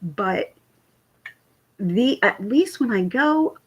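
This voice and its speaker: A woman in her forties chatting casually with live viewers, telling rambling, animated stories. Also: on the high side, very slow, breathy edge. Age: 40s. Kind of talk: casual livestream chat. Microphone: computer mic.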